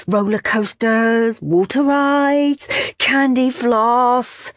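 Lively woman reading a children's story. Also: lowish voice, a little slow, dry recording. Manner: expressive, lively narration.

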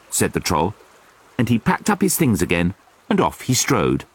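A man reading a children's storybook aloud, slow and expressive, with music behind. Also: husky. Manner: slow, expressive reading with wide pitch swings. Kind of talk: storybook narration.

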